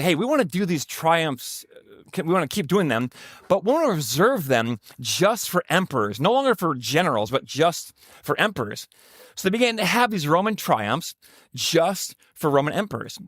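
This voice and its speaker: A man's voice: a little high, a bit bright, dry recording. Conversational man preaching a sermon, dry sound. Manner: conversational, joking asides to the congregation. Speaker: pastor.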